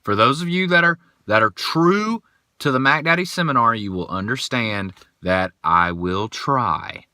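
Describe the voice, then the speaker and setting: A man hosting a casual solo podcast, telling rambling, animated stories. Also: medium pitch, measured pace, dry recording, clean studio sound. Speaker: podcast host.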